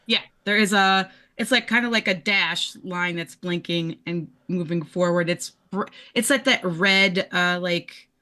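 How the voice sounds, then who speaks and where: A woman's voice: lowish voice, measured pace, hardly any pauses, bright, forceful tone. A woman running an improvised horror tabletop game as game master, describing scenes in a loose, casual way full of filler words.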